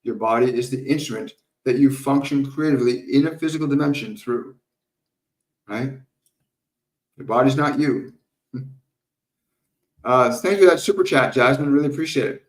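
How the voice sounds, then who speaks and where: Male medium hosting a live stream Q&A, calm and unhurried, repeats his points, sounds roomy and set back from the mic. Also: medium pitch, distant mic. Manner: calm, slow, repetitive teaching with soft laughs. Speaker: spiritual medium answering viewer questions. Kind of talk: live Q&A stream with guided meditation.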